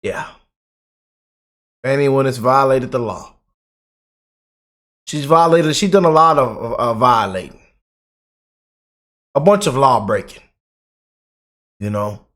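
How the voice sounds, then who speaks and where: A young man hosting a reaction channel, ranting heatedly and repeating himself, then dropping to quiet asides. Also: medium pitch, lively intonation, takes it slowly, pauses often.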